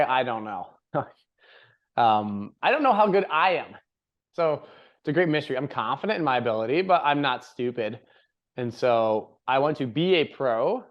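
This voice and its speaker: A young man hosting a podcast in casual chat, rambling and upbeat, laughing often. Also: mid-range voice. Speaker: podcast host. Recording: slightly dull lo-fi audio.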